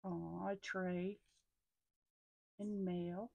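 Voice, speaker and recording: Lady, middle-aged, gushing over a stationery haul, slow easy talk, dry close sound. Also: fairly low pitch, no room sound, dull audio. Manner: gushing, excitable, often hushed and breathy asides. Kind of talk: casual unboxing chat.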